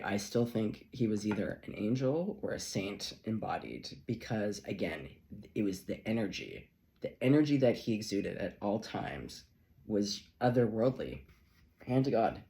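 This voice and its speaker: A man's voice: fairly low pitch, warm tone. A man reading tarot who tells a long, rambling personal story in a chatty vlog, swearing casually and laughing often. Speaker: tarot reader.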